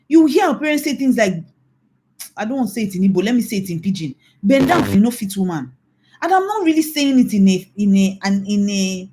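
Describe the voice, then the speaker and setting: Emphatic Nigerian woman pastor, mellow voice. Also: high-pitched. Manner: emphatic, scolding, repeats warnings. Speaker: pastor and infidelity recovery coach. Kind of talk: mentoring talk, preaching.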